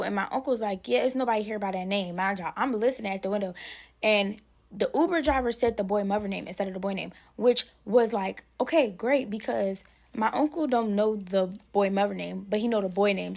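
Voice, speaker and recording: A woman's voice: medium pitch, brisk, creaky. A young woman telling a casual storytime to her viewers while she does her hair, chatting straight to them.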